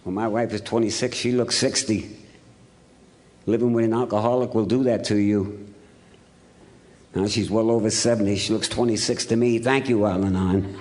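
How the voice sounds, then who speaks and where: A man's voice: lowish voice, fairly even intonation, moderate pace, pauses often, a little mellow, slight background noise. A man in his seventies from Ohio, giving a humorous, blunt, earthy recovery talk as a speaker at a meeting in a hotel ballroom. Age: 70s.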